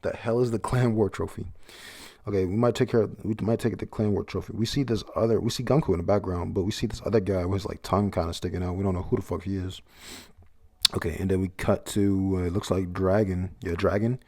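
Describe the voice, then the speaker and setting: A man's voice: low-pitched, steady tone, fast talker. A man reading through a comic chapter aloud in a casual, blunt way, swearing freely and reacting as he goes. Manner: reads panels aloud, blunt, swears freely, laughs at surprises. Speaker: manga chapter reviewer.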